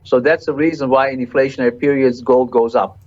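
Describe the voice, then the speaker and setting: Man, interview guest, market analyst, halting speech, repeats words, dull lo-fi recording. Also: mid-range voice, fairly even intonation. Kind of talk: interview answers.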